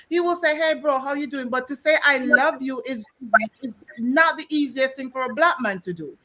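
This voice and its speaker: A woman from the United States talks on a panel over a video call, earnest and emphatic. Her voice sits slightly high and sounds bright, and she repeats her points to drive them home. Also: a little fast, few pauses. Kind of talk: panel discussion.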